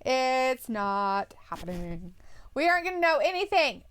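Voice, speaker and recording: A woman's voice: high voice, very animated, unhurried, a bit bright, smooth. A woman co-hosting a live stream, chatting casually and reading out viewer comments, often giggling and teasing.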